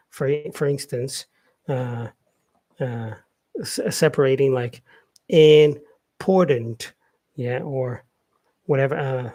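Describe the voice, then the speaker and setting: Husky man teaching English with fillers. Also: on the high side, darkish tone, no echo. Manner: unscripted, many fillers and "yeah" tags, repeats words slowly as examples. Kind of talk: casual spoken lesson.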